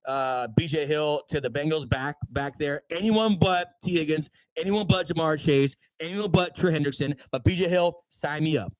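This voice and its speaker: A man co-hosting a casual sports livestream, rattling through news items with quick offhand asides. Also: fairly high pitch, fairly even intonation, no echo, low-quality recording. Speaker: podcast co-host.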